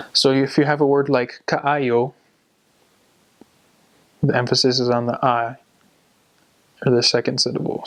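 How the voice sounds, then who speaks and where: A young man casually explaining how to learn a language, speaking in a steady, explanatory way. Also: mid-range voice. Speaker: returned missionary giving language tips. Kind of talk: casual advice monologue.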